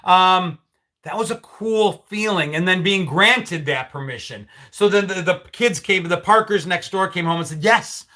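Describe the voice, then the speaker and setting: A man's voice: high-pitched, moderate pace, bright, forceful tone. A middle-aged man hosting a live stream, chatting casually and answering viewer comments with sarcastic asides. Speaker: livestream host.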